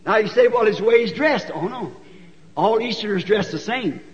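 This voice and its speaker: High-voiced folksy preacher with twang. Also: male voice, moderate pace. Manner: folksy, animated, rising to shouts. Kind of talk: sermon storytelling. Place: church. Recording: dull 1960s church tape with long reverb.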